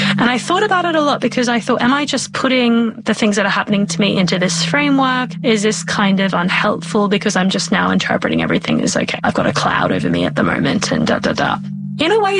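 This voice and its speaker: A middle-aged woman academic who studies divination, explaining her views in a thoughtful, slightly halting way. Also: mid-range voice, background noise. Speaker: scholar of divination. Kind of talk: interview conversation.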